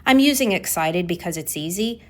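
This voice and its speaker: A woman's voice: fairly low pitch, animated, moderate pace. A woman hosting a solo coaching podcast on communication, talking with energy and stressing key words by repeating them.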